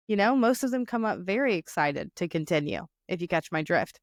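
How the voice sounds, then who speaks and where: A woman's voice: mid-range voice, expressive, a little fast, few pauses, dry recording, clean studio sound. A young woman hosting a podcast, telling a crude comic story in casual chat, a little tipsy from wine. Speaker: podcast host.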